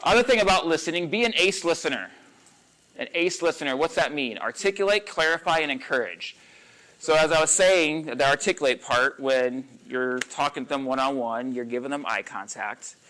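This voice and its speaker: A man's voice: medium pitch, moderate pace, poor audio. A man coaching a small audience on listening, talking casually and acting out example phrases. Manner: animated and conversational, acts out sample lines, frequent fillers. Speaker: coach teaching a workshop on listening. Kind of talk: casual live teaching talk.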